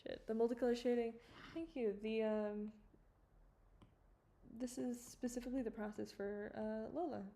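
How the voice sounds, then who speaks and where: Long pauses break up this woman's fairly high, gravelly yet mellow voice, which holds a steady tone at a normal speed. An animator streaming live from her home studio computer, she chats casually while working, rambling, giggling and swearing freely.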